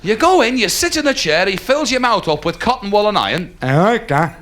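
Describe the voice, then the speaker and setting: A man doing a live stand-up comedy routine, telling stories animatedly and dropping into quick put-on voices. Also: high voice, sing-song, noisy background. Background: audience laughter.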